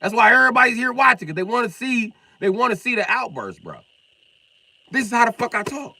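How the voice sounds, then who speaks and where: A middle-aged man from Illinois ranting on a live stream, confrontational and profane, swinging from loud outbursts to mock calm. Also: very high voice, brisk, gravelly, breathy edge, no echo, poor audio. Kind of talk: heated live-stream rant.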